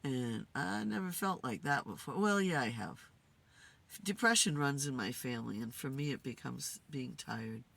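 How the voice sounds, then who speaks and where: A woman host talking to spirits in a casual, musing way, tired and low on energy. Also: animated, normal speed, vocal fry, fairly bright tone. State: tired, yawning. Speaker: spirit communicator and channel host. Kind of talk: casual spirit session monologue. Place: in a car.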